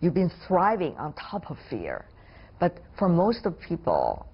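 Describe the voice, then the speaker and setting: Breathy-voiced woman TV host. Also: lowish voice, wildly swooping pitch, unhurried, lo-fi sound. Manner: poised, formal, non-native phrasing. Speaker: television interview host. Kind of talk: broadcast interviewing and sign-off.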